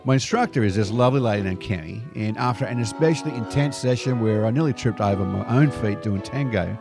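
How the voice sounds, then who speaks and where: A man with an Australian accent telling stories to camera in a lively, slang-filled monologue. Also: on the low side, fast talker, vocal fry, over music. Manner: lively anecdotal delivery sprinkled with slang. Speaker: video host. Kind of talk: scripted storytelling monologue.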